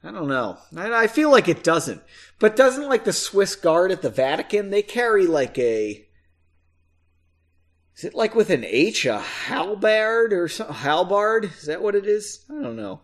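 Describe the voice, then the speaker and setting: A man's voice: high voice, sing-song, moderate pace. Chatty man reading his own book. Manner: chatty, self-mocking, swears casually. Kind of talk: casual book reading with asides.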